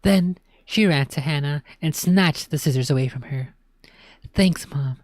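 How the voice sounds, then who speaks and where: A woman narrating a spooky children's book in a dramatic reading, often dropping to a hush. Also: low voice, normal speed, no room sound, studio quality. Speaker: storyteller.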